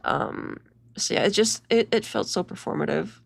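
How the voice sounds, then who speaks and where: A woman's voice: mid-range voice, moderate pace, gravelly. A young woman hosting a casual commentary video, chatty and mocking, talking over clips with lots of "like" and restarts.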